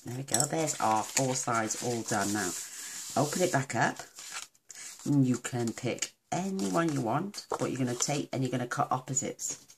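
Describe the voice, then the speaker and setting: A woman from the UK talks viewers through a card box tutorial in a relaxed, affectionate way. Her voice sits very low. Clicks and rustling paper carry under a noisy recording. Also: moderate pace. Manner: chatty and affectionate, talks while working. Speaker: craft demonstrator. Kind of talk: casual crafting tutorial.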